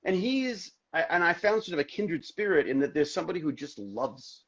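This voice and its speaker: A man guesting on an interview, telling stories in an animated, rambling way with many restarts, heard over a video call. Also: a little high, a little fast. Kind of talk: casual interview chat. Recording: dull lo-fi social media livestream audio.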